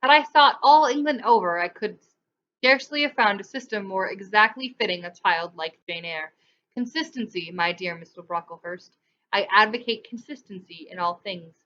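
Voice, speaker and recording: A woman's voice: mid-range voice, moderate pace, bright, forceful tone, dull audio, slight background noise, lightly acted. A woman voicing a cold, haughty middle-aged aunt who speaks with disapproval.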